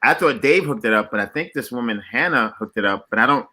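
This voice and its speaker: A man with a very bright, sharp tone chats casually as a guest on a video call. He talks loosely, with lots of "like" and "you know", at a middle pitch. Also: lively intonation, fast. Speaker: guest comedian. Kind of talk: casual chat.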